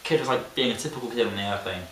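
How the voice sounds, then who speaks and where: A young man co-hosts a podcast, his fairly low, slightly bright voice rattling along at rapid-fire speed. He tells a rambling story full of laughter and imitates the voices of the people in it. The casual chat is picked up by a distant mic in a roomy space, with a faint hiss.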